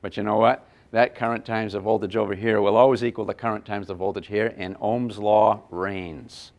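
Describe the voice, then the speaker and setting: A man teaching a live physics workshop for teachers, animated and thinking aloud, poking fun at himself when he gets mixed up. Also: on the low side, normal speed. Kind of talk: live classroom lecture. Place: lecture room with a live audience of teachers.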